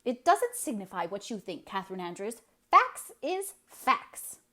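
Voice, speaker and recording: A woman's voice: medium pitch, big pitch swings, unhurried, sharp tone, full character voice. Storybook: sour old spinster, grim and contemptuous, put on by a woman narrator. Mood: scornful. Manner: scornful, contemptuous.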